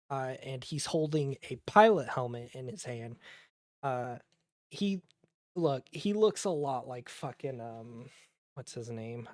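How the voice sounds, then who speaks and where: Tabletop game master, loose and profane narration, dry sound, mid pitch. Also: darkish tone, no echo. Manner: casual, profane, many fillers and restarts.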